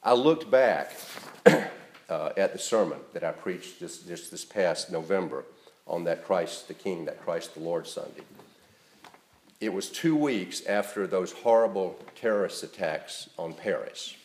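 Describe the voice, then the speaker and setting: A male pastor giving an earnest, emphatic sermon that rises in stress and then drops to a soft, quiet close. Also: sits low, lively intonation, measured pace, echoey room, slight background noise. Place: church.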